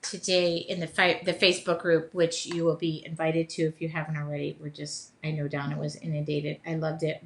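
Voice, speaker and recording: Hosting a live drawing session from her art studio, a woman chats in an upbeat, self-deprecating way as she draws for a casual demonstration. Her voice sits low with little pitch movement, moving fairly quickly with hardly any pauses.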